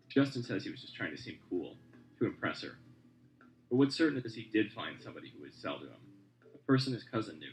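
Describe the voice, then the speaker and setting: A man reporting in measured, scripted radio narration and asking interview questions. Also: deep voice, a little hiss or hum, low-quality recording.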